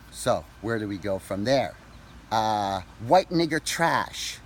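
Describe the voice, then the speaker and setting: A man ranting angrily to camera, profane and accusatory, shouting at times. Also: on the low side, animated, slow pace, slight background noise. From Canada. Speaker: vlogger. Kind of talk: angry direct-to-camera rant.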